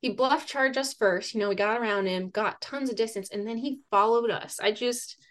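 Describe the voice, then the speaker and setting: A woman guest on a podcast, telling a hunting story in a lively, casual way with laughs and acted-out quotes. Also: fairly high pitch, moderate pace. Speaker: podcast guest, fitness coach and moose hunter.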